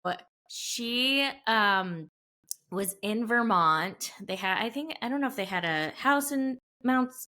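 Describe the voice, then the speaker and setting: A woman's voice: on the high side, lively intonation, slow pace, sharp tone. A middle-aged woman co-hosting a podcast, telling rambling stories with lots of asides in a casual chat. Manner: chatty storyteller, rambling with many asides. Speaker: podcast co-host.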